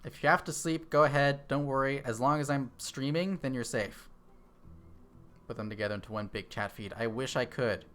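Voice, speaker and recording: A man's voice: medium pitch, normal speed, a bit bright, faint music behind. Chatty male game streamer thinking aloud. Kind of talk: casual live-stream chat while gaming. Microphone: desk microphone.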